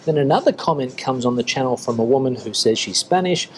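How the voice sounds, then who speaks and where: A middle-aged man talking casually to camera in a restaurant as a food vlogger, relaxed and chatty, with frequent fillers. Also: mid-range voice, fast talker, hardly any pauses, a little hiss or hum. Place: restaurant in Spain.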